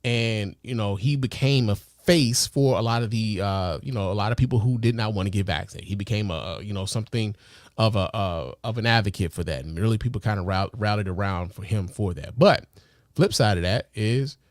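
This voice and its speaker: A man hosting a podcast in a loose, casual way, swearing often, filling pauses with fillers and asking the listener rhetorical questions. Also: on the low side, no room sound, clean studio sound. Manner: loose, profane, heavy with fillers. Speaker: podcast host.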